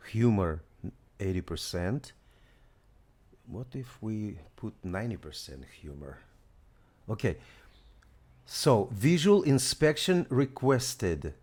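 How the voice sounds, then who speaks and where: A man hosting a casual software demo, excited and thinking aloud as he tries things out. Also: lowish voice, slow pace, pauses often. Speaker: host.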